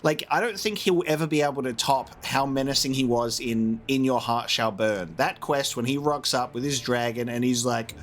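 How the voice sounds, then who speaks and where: A young man giving casual, chatty commentary on a game he is playing blind, excitable and quick to laugh. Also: mid-range voice, slight background noise. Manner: chatty, excitable, laughs often, many fillers. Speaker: gamer streaming a blind playthrough.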